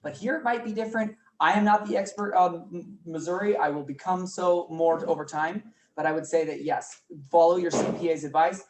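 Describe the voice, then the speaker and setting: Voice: mid-range voice, brisk, hardly any pauses. Chatty workshop presenter in an echoey room. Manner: chatty, coins words, corrects himself or herself mid-sentence. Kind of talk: informal business training talk. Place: office meeting room with a small group. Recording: echoey room, mic far off, faint noise.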